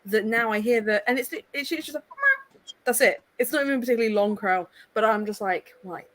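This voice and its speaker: A woman's voice: a little high, fast, a bit bright. English woman, co-host, playful storyteller on a video call. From England. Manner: chatty storyteller, playful teasing. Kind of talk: casual chat.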